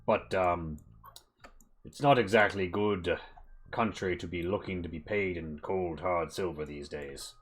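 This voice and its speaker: A man voicing a large, gruff male bugbear mercenary captain who talks bluntly and boastfully. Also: low voice, unhurried, slight background noise.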